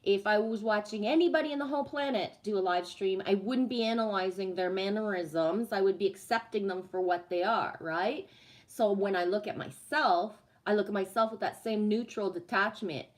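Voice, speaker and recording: A woman's voice: medium pitch, moderate pace. A woman chatting casually on a live stream, reading the chat, swearing freely and laughing at herself.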